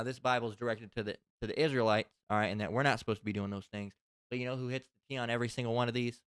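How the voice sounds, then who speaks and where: A man teaches a spoken scripture lesson in loose, rambling talk with plenty of profanity. His voice is smooth and resonant, and it sounds close and dry with no room around it. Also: medium pitch, fast, fairly bright tone, dry recording. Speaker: religious teacher.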